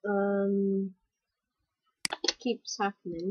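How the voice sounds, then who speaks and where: A woman giving casual gameplay commentary, excitable and prone to yelps and exclamations. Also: medium pitch, slow, dull audio, slight background noise.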